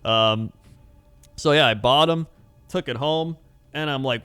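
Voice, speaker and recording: A man in his thirties talks through a long personal story in a loose, rambling vlog style, dotted with fillers and easy laughter. His voice sits at an ordinary middle pitch, and faint music plays quietly behind him. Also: measured pace, pauses often, clean tone. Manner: rambling, chatty, laughs often, many fillers. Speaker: hobby channel host. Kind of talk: casual storytelling.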